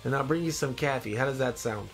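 Soft music plays behind a demon-costumed live-stream host whose mid-range voice is creaky and fast. Sounding congested, he jokes and rambles while reading out comments from viewers.

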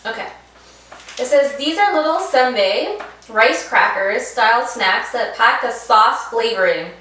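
A bubbly young woman chatting through a snack unboxing, her voice sitting a little high. She sounds set back from the mic in a very echoey room, with a faint hiss underneath. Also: unhurried, far from the mic. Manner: bubbly and excitable, reads labels aloud. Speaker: vlog co-host. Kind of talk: casual unboxing chat.

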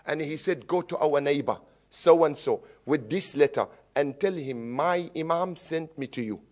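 A man giving a sermon in English, telling stories and mixing in Arabic religious phrases, building to loud emphatic peaks. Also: on the high side, a little slow. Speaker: sheikh giving a religious lecture. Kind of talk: sermon with storytelling. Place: mosque or Islamic centre hall.

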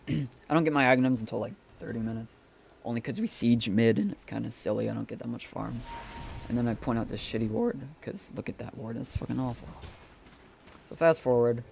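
A man's voice: mid-range voice, fairly quick, creaky, darkish tone, slight background noise. A man giving casual, profane commentary over a replay of his own game. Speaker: gameplay commentator.

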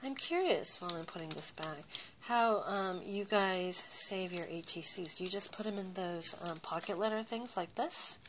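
A woman's voice: fairly low pitch, moderate pace, noisy background. A young woman casually chatting to her viewers as she unboxes handmade craft gifts, full of fillers and gushing over the details. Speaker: craft YouTuber.

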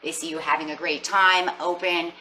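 A woman's voice: lowish voice, steady tone, moderate pace, pushed and bright, recorded from a distance, a little hiss or hum. A middle-aged woman giving a casual tarot reading in a playful, sassy, chatty way. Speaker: tarot reader.

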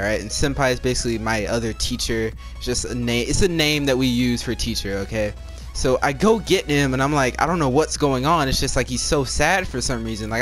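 A man tells a personal story straight to his audience, loose and rambling, with constant "like"s and "all right?" check-ins. His voice sits at an ordinary middle pitch, and faint music plays softly underneath. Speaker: storytime vlogger. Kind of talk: casual storytelling to camera.

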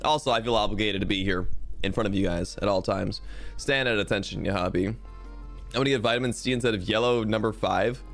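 While streaming a game, a young man chats casually and goofily with his viewers, rambling and talking to chat. His voice is on the low side and fairly quick, with soft background music playing.

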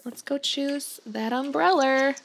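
This young woman hosts a let's play of a life-sim game, giving gameplay commentary and speaking tenderly to the on-screen characters. Her creaky voice sits high, and she goes slowly.

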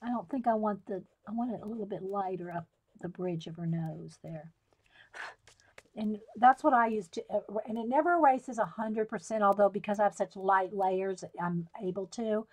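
A woman's voice: medium pitch, normal speed. A woman hosting a live coloring tutorial, chatting casually, laughing often and answering viewers by name. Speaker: coloring tutorial livestream host.

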